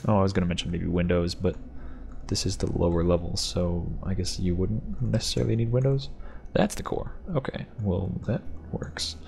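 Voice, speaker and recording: This deep-voiced man hosts a channel reviewing game ships, and here he tours one with casual commentary, rambling, joking, and laughing often. His intonation stays fairly even at a moderate pace, with vocal fry and a slightly mellow quality. A little hiss or hum sits in the audio.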